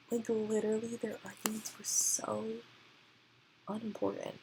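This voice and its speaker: A woman rants about a book in a slow, rambling way, leaning heavily on fillers. Her voice has a creaky, gravelly fry, and she often sinks into a hush. Her pitch sits in an ordinary middle range. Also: fairly even intonation, a little hiss or hum, poor audio. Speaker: book reviewer. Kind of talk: casual ranting review.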